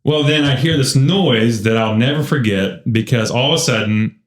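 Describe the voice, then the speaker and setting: A man hosting a church podcast, telling a story in a lively, casual way and laughing often. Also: medium pitch, normal speed. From United States. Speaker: podcast host. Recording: roomy echo.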